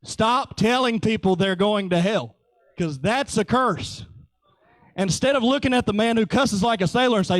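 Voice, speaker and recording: A man preaching a sermon in a lively, joking way, acting out little voices as he teaches. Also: sits high, moderate pace, no room sound. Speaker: pastor.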